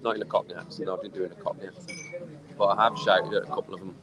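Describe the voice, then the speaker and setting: A man's voice: low-pitched, little pitch movement, racing, crowd noise, low-quality recording. A man ranting in a rambling, exasperated way during a casual live stream from an outdoor poolside bar, audibly tipsy from drinking. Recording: clear music behind the voice. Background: music playing.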